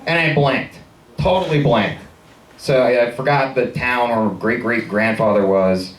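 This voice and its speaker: A man's voice: mid-range voice, measured pace, echoey room, distant mic, rough recording. A man performing a stand-up comedy set, telling stories and acting out the people in them. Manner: storytelling, acts out people's voices. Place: comedy showcase stage with audience. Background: audience laughter.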